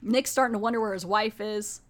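A woman's voice: mid-range voice, steady tone, brisk, a bit bright. A woman podcast host casually recapping a TV episode, chatty and full of fillers and restarts.

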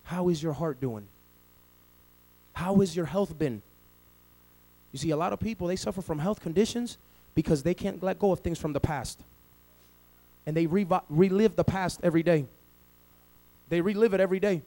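A man preaching a sermon as pastor, swinging from loud to hushed and acting out quoted voices. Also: sits high, moderate pace, long pauses, rough recording.

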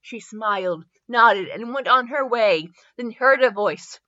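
A woman with a Midwestern accent hosts a comedic fanfiction reading. Her voice is high, bright and bouncy, and she rambles and giggles between sentences. The recording is dull and lo-fi, with a dry sound. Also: animated, a little slow. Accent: Midwestern American. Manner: giggly and rambling, with frequent laughter. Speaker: fanfiction reviewer and host.

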